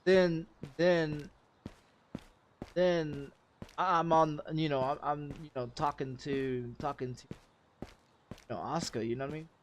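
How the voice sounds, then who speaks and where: A man's voice: fairly high pitch, steady tone, takes it slowly, pauses often, a little hiss or hum. A man from Texas, a game streamer, telling an angry story in profane, cursing casual talk.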